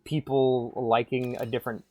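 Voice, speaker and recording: A man's voice: medium pitch, level tone, normal speed, dark tone. A man streaming a game, chatting casually in a rambling, irreverent way and swearing freely. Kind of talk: casual gameplay chat.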